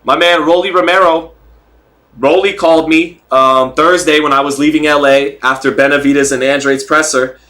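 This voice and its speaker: A man hosting a casual livestream, rambling, joking and reading chat comments out loud. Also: a little high, steady tone, moderate pace. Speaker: livestream host.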